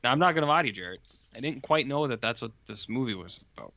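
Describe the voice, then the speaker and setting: Podcast cohost guy, bright tone, a bit dull sounding lo-fi mic, rambles on. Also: medium pitch, fast. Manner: rambling, animated retelling with put-on quotes. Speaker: podcast co-host reviewing horror films. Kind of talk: casual chat.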